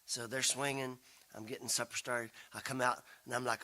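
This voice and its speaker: A man's voice: mid-range voice, fairly even intonation, a little fast, pushed and bright. A man, telling rambling, self-deprecating family stories to a congregation and acting out the voices he quotes. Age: 60s. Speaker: guest speaker and folk singer. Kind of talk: storytelling talk to a congregation. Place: spiritual center, broadcast live.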